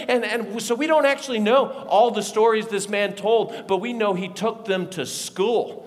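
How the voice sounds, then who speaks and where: A man preaching a sermon as a pastor, telling the story in a lively way and acting out the voices of the people in it. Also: high-pitched, moderate pace, few pauses. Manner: animated storytelling, acts out voices of disciples. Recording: long reverb of a large hall.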